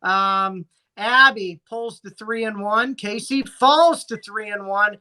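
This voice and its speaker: A man's voice: high-pitched, takes it slowly, pushed and bright, smooth. A man co-hosting a casual fantasy sports podcast, recapping matchups in a dry, teasing announcer manner. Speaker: podcast co-host.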